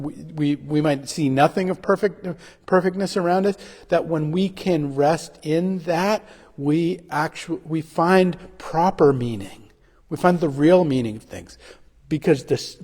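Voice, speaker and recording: A man giving a pastor's sermon reflection, halting and full of restarts and fillers as he talks. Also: a little high, a little mellow. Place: church. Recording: livestream with long hall reverb.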